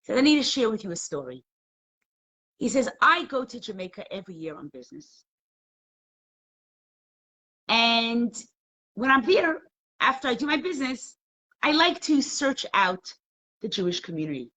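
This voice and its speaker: A middle-aged woman leads a live online class over her computer mic. Her husky voice swings up and down in pitch as she tells a story. She turns emotional and keeps pressing the viewers with questions. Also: big pitch swings, moderate pace, pauses often, a bit bright. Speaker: Torah class teacher.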